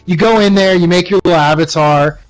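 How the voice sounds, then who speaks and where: A man's voice: sits high, fairly quick, faint music behind, poor audio. A young man from the United States chatting casually while livestreaming a game, rambling with many fillers and restarts. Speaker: livestreaming gamer.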